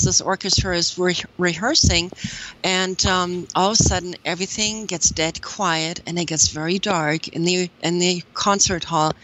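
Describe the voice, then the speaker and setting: A woman's voice: on the low side, fairly bright tone, rough recording. Earnest woman telling a rambling story. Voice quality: earnest, rambling with many "you know"s and "um"s. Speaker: guest. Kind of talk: recounting a personal spiritual story.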